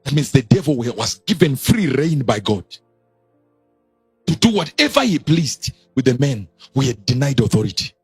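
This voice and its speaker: A male preacher delivering a sermon in an animated way, leaping to high exclamations and dropping low again, with a husky voice. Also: normal speed, no room sound, faint music behind.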